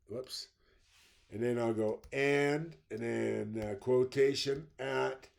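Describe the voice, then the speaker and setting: Gravelly man talking through a walkthrough. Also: mid-range voice. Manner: thinking aloud step by step, halting with fillers. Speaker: instructor. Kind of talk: screen-recorded walkthrough.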